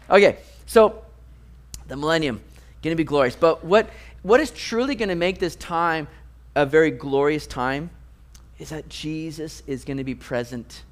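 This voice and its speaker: A man preaching a sermon, reading scripture and explaining it with animated, playful asides. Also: moderate pace. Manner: animated, jumps to high mock voices for jokes. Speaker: pastor.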